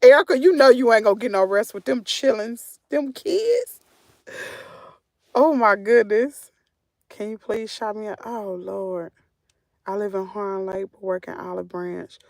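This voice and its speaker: A woman's voice: medium pitch, a little slow, vocal fry, no room sound, clean studio sound. A woman with a Southern American accent, chatting casually with her livestream viewers from a parked vehicle, reading comments and laughing often. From Southern United States. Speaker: channel host.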